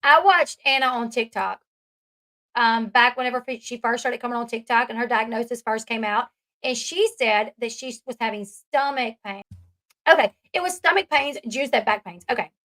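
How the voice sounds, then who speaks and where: A woman's voice: on the high side, normal speed, pushed and bright. A woman giving a casual, chatty recap commentary, full of fillers and asides. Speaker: commentary vlogger.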